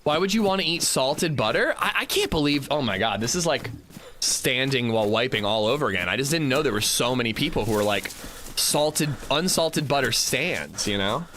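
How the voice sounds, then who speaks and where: Animated chatty male streamer. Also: mid-range voice, moderate pace, slight background noise. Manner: chatty, animated, rambling with fillers. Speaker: livestreamer. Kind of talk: casual gaming livestream chat.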